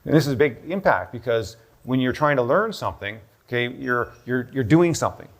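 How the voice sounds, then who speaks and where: A man giving an explanatory talk on stage in a busy room. He lectures at an even, mid pitch and thinks out loud as he goes. He keeps checking in with his listeners by saying "okay?". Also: a little fast. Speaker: doctor presenting a health protocol. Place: busy room with a live audience.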